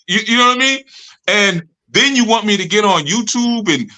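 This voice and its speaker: A man's voice: high-pitched, animated, fairly quick, pushed and bright. A middle-aged man leading a live study session, talking in a streetwise, joking way and acting out his followers' complaints. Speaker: spiritual leader of a study group.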